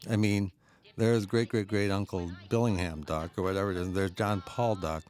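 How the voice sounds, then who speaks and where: A man's voice: deep voice, fairly even intonation, normal speed, a little mellow, soft background music. A man giving a chuckling, enthusiastic audio commentary on an old cartoon, sharing anecdotes as he goes. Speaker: film commentator.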